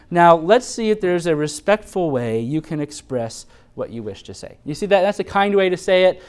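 Guy preaching about raising kids, kinda high voice, earnest and chatty, lots of restarts. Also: sing-song, moderate pace, few pauses, clear, resonant tone. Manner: earnest, conversational, repeats and restarts, light laughs; shifts into high mock voices quoting mothers. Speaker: pastor. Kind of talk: sermon on parenting.

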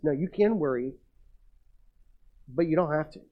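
A man's voice: on the high side, fast, pauses often, breathy edge, muffled recording. A man preaching a sermon as pastor, talking casually with the congregation and reading scripture aloud.

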